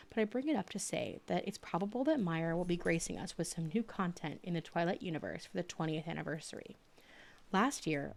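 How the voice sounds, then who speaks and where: A woman streamer reading a book aloud in a soft ASMR-style voice, dropping now and then into whispers, then chatting in a halting way with fillers. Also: on the low side, gravelly. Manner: soft-spoken, slipping into whispers.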